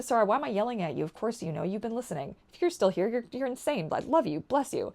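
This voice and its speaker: A young woman from Canada talking candidly to camera in a rambling vlog, swinging from quiet asides to loud ranting and swearing. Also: on the high side, sing-song, fast, gravelly, hardly any pauses. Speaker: vlogger.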